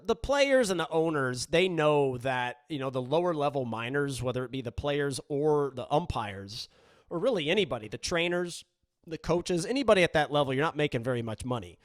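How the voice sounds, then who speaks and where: A middle-aged man hosting a podcast, telling a story in a relaxed, chatty way with frequent restarts. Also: on the high side, normal speed, dry recording. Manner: relaxed, conversational, frequent restarts and "you know". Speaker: podcast host. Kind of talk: storytelling in casual chat.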